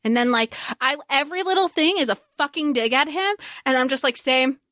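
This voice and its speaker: High-voiced woman podcast co-host. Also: brisk, no echo, clean studio sound. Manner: animated, swearing, heated retelling. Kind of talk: casual book-discussion chat.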